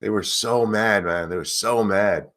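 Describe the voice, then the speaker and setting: A man hosting a casual livestream, ranting with a lot of profanity and reading viewer comments aloud. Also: unhurried. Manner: lively pitch, mocking voices. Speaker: streamer host.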